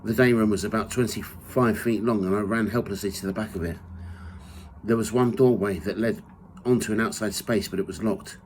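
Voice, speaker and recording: Low-voiced guy reading his own memoir, steady first-person telling, bit of faint background hum. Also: poor audio. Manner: measured reading, rising loud for quoted shouts.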